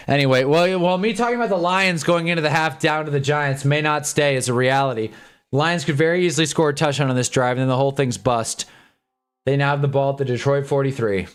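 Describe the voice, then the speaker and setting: A man's voice: mid-range voice, clean tone. A tired young man giving casual, rambling live football commentary with sarcastic asides. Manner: laid-back, rambling, sarcastic asides, frequent "whatever" and "anyway". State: tired, yawning. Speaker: football watch-along streamer.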